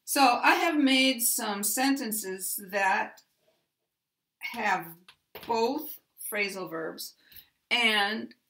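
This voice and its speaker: American lady teaching pronunciation, really slow, bright voice, says each example twice. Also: medium pitch. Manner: deliberate, repeats example sentences with stressed words. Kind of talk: slow, clear teaching with model sentences.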